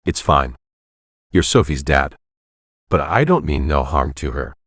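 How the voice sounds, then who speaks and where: A man's voice: a bass voice, expressive, unhurried, a bit bright, no echo, studio quality, full character voice. A man voicing an earnest, determined younger man who is loyal to his companions.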